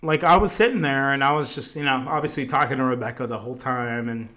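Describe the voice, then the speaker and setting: A man's voice: medium pitch, quick pace, sharp tone. A man hosting a podcast, telling a long story in casual chat, swearing constantly and rambling, a bit tipsy. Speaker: podcast host.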